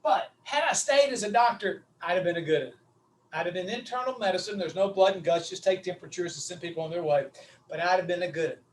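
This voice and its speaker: A middle-aged man with a Southern US accent giving a folksy, animated webinar lecture, calling his audience his friends. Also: sits high, fast, recorded from a distance, a little hiss or hum, poor audio. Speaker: webinar speaker on vocal delivery.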